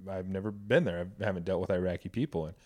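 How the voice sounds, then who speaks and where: Low-voiced man, candid podcast chat. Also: quick pace, dark tone. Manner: earnest and candid, swears freely. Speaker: podcast co-host. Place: Boise, Idaho.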